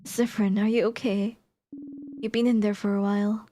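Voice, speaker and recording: A woman's voice: mid-range voice, level tone, normal speed, warm tone, dry recording. A woman streamer reading game text aloud and reacting expressively, exclaiming and laughing between passages.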